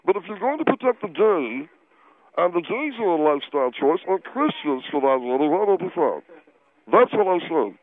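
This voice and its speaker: A stuffy, indignant activist voiced by a man lectures formally with food in his mouth. His voice sits fairly high, and it comes through a thin, tinny phone line. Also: big pitch swings, normal speed, no room sound. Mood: pompous. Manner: stiff, formal and indignant, chewing while talking. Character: pompous overweight male activist who talks with his mouth full.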